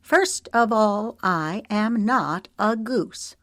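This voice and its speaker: An older wife, spirited and emotional, who enunciates with emphasis, as a woman narrator plays her. Her voice is low and measured, recorded dry and close to the mic. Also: no room sound. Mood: indignant. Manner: emphatic, quivering.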